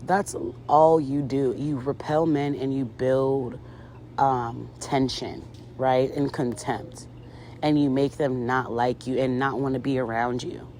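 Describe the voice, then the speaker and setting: A woman's voice: rumbling low, fairly even intonation, slow pace, mellow, slight background noise. A woman recapping a reality show in casual commentary, sassy and chatty with lots of fillers, talking to her viewers as girl and ladies.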